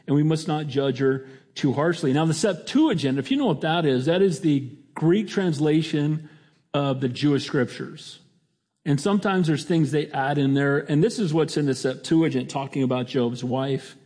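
A man's voice: a little high, moderate pace, dark tone. A middle-aged male pastor preaching a sermon in a conversational way, often restarting his sentences.

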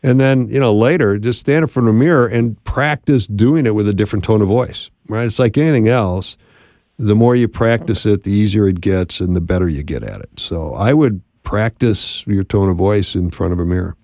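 A man's voice: fairly low pitch, fairly quick, warm tone, no echo, studio quality. A man hosting a call-in advice radio show, upbeat and encouraging, speaking plainly to callers.

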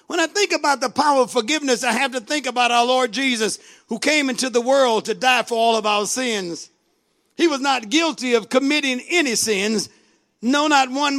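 High, gravelly preacher man. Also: moderate pace. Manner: emphatic, shouting high points, repeated asides. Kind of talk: sermon.

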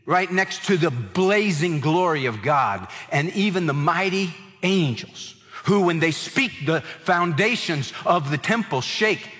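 Emphatic preacher with hall reverb. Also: male voice, on the high side, lively intonation, unhurried, few pauses, fairly bright tone. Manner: emphatic preaching, repeating words for stress. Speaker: pastor. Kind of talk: sermon.

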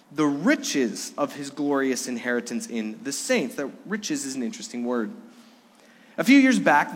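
A middle-aged male pastor preaching a sermon, swinging between emphatic raised passages and soft, hushed lows. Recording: long hall reverb.

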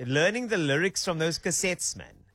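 Male radio host, lively chat, slightly high voice, very dry studio sound. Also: moderate pace, dry recording. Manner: animated, laughs often, repeats words.

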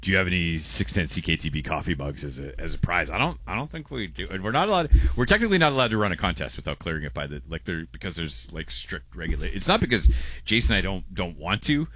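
A man's voice: sits low, big pitch swings, fast talker, a bit bright. A man co-hosting a casual radio show, reading listener messages with a rambling, stammering delivery and frequent laughs.

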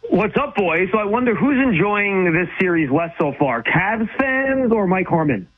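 A man's voice: high-pitched, sing-song, normal speed. A man calling in as an insider guest on a sports talk show, chatting casually with frequent stammered restarts. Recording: tinny phone line.

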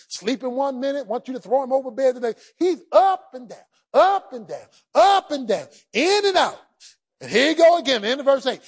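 A male preacher giving a humorous, emphatic sermon in folksy colloquial speech, shouting for emphasis. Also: extremely high pitch.

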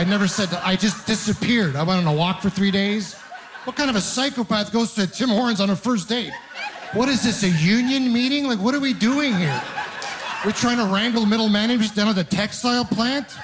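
A man's voice: sits high, brisk. A young man performing a stand-up comedy set on stage, telling stories and acting out both sides of his dialogues. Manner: animated storytelling, acts out both sides of dialogues. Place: comedy stage with a live audience.

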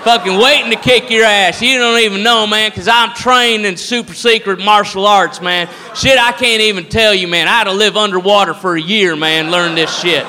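A man's voice: sits high, steady tone, moderate pace, hardly any pauses, sharp tone. A man voicing a drunk, boastful redneck brawler who drawls out swaggering threats. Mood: boastful menace. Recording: reverberant live hall.

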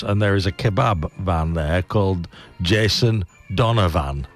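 Deep-voiced man rambling through trivia. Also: unhurried. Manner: rambling, chuckling, self-correcting. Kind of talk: comic trivia monologue. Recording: loud music behind.

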